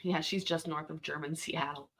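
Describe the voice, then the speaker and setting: A woman with a low, steady, slightly bright voice speaks at a normal pace. She hosts a live stream and reacts to a clip from a court show, rambling and chatting casually while swearing freely.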